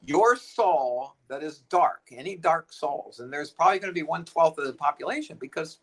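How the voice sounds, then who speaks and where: An older man in casual spiritual chat who talks haltingly, repeating phrases and filling pauses. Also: on the high side, animated, rough recording. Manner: halting, repeats himself, fillers. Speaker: co-host.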